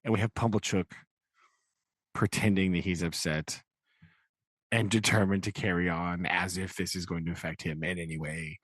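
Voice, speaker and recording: A man's voice: deep voice, steady tone, moderate pace, no room sound. A man co-hosting a podcast in casual book talk, rambling with many "like"s and "right?"s, acting out quotes in shifting voices. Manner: acts out quotes in changing voices. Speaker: podcast co-host.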